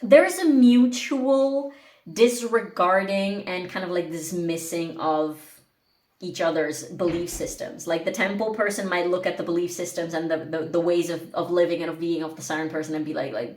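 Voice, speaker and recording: A woman's voice: fairly low pitch, normal speed, darkish tone, reverberant. A woman giving a casual tarot reading to camera, chatty and rambling with lots of "like". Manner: chatty and rambling, heavy use of "like". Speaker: tarot reader. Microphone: camera mic.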